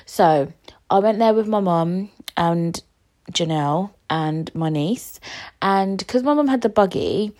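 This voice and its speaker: A woman's voice: medium pitch, takes it slowly. A woman, a podcast host telling a story in casual, slangy talk and acting out what people said. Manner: animated, slangy, acts out conversations.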